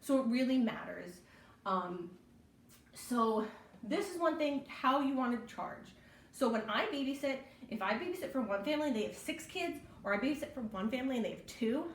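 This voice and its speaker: A library program instructor, a young woman, gives a casual online babysitting class, chatty and full of ums, often asking "right?". Her high-ish voice is far from the mic in an echoey room, with slight background noise.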